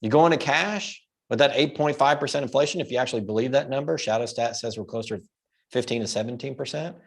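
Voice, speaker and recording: A middle-aged man talks straight to his audience in a loose, opinionated commentary. He leans hard on rhetorical questions, repeats his points for emphasis and drops in casual curses, in a voice of ordinary middle pitch. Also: quick pace. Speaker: host of a precious metals livestream.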